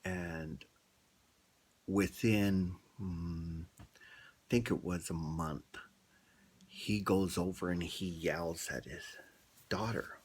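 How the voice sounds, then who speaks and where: A man's voice: sits low, steady tone, slow pace, pauses often, slightly rough. A man vlogger telling a story in a casual, chatty way and asking his viewers questions.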